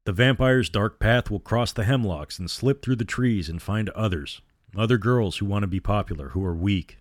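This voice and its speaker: Man, storyteller, low voice, measured horror reading, dry close mic. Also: no echo. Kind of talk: reading a horror novel aloud.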